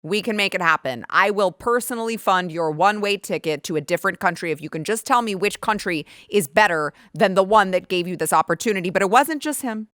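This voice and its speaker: A woman hosting a commentary show, talking in a sarcastic, indignant and animated way, and reading an ad. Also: mid-range voice, a little fast, hardly any pauses, no room sound, studio quality. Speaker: host. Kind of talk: opinionated commentary and ad read.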